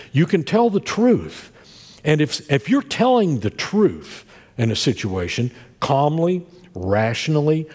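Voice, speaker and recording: A man preaching a sermon as pastor, telling stories with self-deprecating humor and a husky voice. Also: medium pitch, darkish tone. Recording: long hall reverb.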